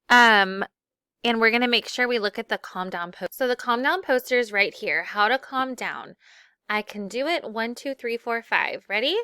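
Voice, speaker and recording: A woman's voice: fairly high pitch, sharp tone, clean tone, dry recording, clean studio sound. A woman teacher leading a classroom lesson for children, upbeat and acting out example phrases.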